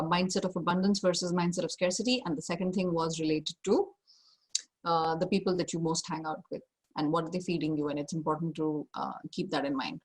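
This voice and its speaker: A woman's voice: fairly low pitch, slightly rough. A woman career coach giving an online masterclass over a video call, direct and emphatic, stressing her key points more than once.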